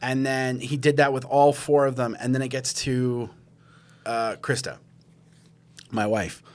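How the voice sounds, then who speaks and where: A man's voice: mid-range voice, little pitch movement, a little slow. A man hosting a podcast, telling a long story in casual chat, rambling with lots of fillers and acting out his own quoted reactions. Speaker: podcast host.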